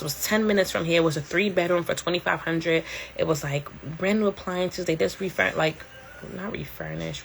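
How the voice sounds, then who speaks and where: A woman's voice: lowish voice, fairly bright tone, a little hiss or hum. A middle-aged woman hosting a casual livestream from home, talking candidly in a slangy way and laughing often. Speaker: livestream host.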